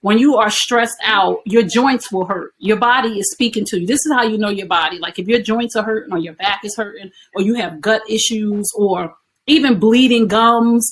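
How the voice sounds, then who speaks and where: A woman's voice: mid-range voice, normal speed, a little hiss or hum, poor audio. A woman being interviewed, explaining her points in a teaching way and asking herself rhetorical questions that often end in "right?". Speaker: guest. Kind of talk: conversational interview.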